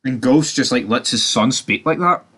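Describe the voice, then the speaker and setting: A man's voice: normal speed, slightly rough. A man giving a casual spoken recap of a TV season, ranting animatedly and swearing a lot. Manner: animated, sweary ranting with sudden jumps in pitch. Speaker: TV review host.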